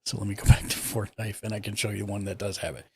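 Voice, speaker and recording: This is a man hosting a live stream, walking through his setup step by step as he clicks around, relaxed and casual like a streaming tech support host. His voice is husky and on the low side, and he talks quickly.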